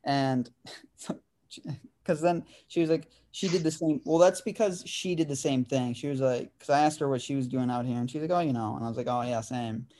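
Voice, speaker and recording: With a dark, mid-range voice, a twenties podcast host tells a story fast and with hardly any pauses. His manner stays casual and laid-back, full of "dude" and "like."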